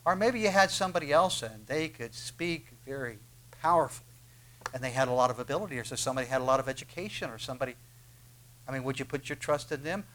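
A man preaching a sermon, telling the story dramatically, swinging from hushed asides to loud proclamations. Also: mid-range voice, lively intonation, quick pace, poor audio. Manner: dramatic, acts out the story in quoted voices.

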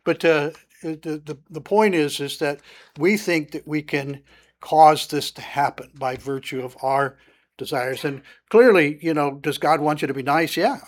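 Conversational Bible-teaching man, slightly high voice. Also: a little slow. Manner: conversational, frequent "uh" fillers, rising emphasis on scripture.

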